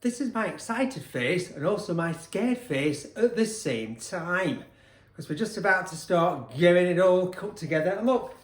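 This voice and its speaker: A man's voice: high-pitched, animated, unhurried, roomy sound. A man co-hosting a casual home cooking vlog, chatty and jokey as he starts the cooking.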